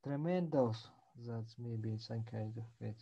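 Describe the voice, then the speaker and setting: A man student answers in class, slow and halting as he searches for words. The recording is dull and lo-fi. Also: medium pitch, gravelly, dark tone, slightly rough.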